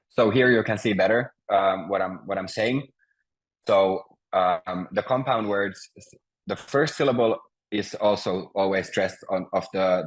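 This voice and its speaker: A man's voice: low voice, poor audio. A man teaching Finnish pronunciation in an online class, patient and hesitant, with many fillers and restarts. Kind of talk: online language lesson over Zoom. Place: home, video call. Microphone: video call mic.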